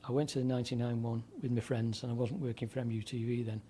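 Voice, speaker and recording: A man in his seventies, once a DJ and broadcaster, spins long anecdotes in a rambling, chatty way, full of fillers and restarts. His medium-pitched voice is warm, quick, and fairly flat in intonation. Slight background noise is audible.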